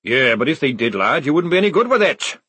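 A man voicing a gruff, loud army sergeant who barks orders. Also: a little high, very animated, quick pace, no echo, voice pushed up, heavily acted. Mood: stern.

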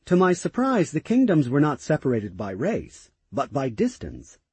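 A male audiobook narrator with a dark, mellow and somewhat husky voice. He reads in the first person with lively, varied intonation. The recording is dry and close. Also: fairly high pitch, normal speed, no echo.

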